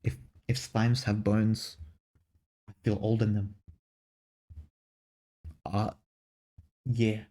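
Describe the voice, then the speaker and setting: A man's voice: fairly low pitch, flat delivery, extremely slow, pauses often, dark tone. A young man with a mixed Australian-English accent, chatting casually on a stream, rambling and swearing lightly. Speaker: VTuber streamer.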